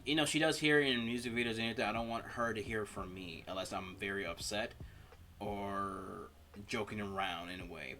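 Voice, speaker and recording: A man hosting a reaction video, talking through personal stories in a rambling, halting way with many fillers. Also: on the low side, bright, forceful tone, a little hiss or hum. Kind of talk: casual reaction commentary.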